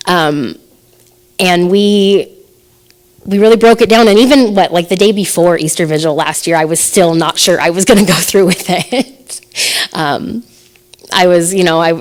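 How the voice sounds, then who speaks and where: A woman in her thirties giving a personal testimony to her congregation, hesitant and full of fillers, emotional and laughing nervously between phrases. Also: on the low side. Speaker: assisting minister giving a message.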